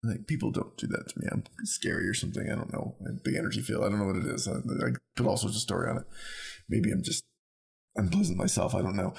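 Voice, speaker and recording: Rambling, animated male podcast co-host. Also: fairly low pitch, fast talker, vocal fry, husky. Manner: rambling, animated storyteller who acts out quotes. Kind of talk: casual conversation.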